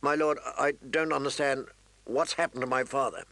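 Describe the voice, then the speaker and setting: Earnest young watchman, insistent, gravelly but bright, reader does him. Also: mid-range voice, normal speed, no echo. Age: young adult. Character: troubled young man of the watch.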